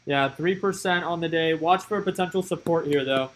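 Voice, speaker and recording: A man's voice: on the high side, normal speed, few pauses, low-quality recording. Chatty man calling live market moves. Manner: chatty, thinking aloud while watching charts. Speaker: stock trading streamer. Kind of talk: casual live-stream market commentary.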